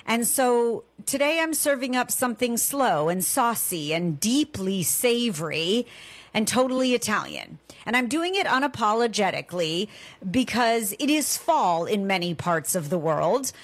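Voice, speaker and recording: A woman's voice: a little high, sing-song, unhurried. A middle-aged woman from Southern California hosting a cooking show, talking in a chatty, enthusiastic way with emphatic repetitions. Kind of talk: conversational solo podcast monologue.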